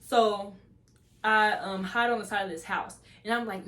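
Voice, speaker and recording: A woman's voice: mid-range voice, steady tone, brisk, a bit bright. A young woman vlogger telling a story casually and animatedly, acting out the voices of the people in it.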